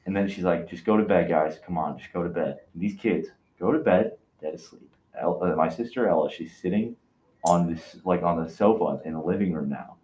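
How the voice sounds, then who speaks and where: A man on a podcast telling a spooky story in a casual, excitable way, with lots of fillers and restarts. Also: low voice, brisk. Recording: roomy echo.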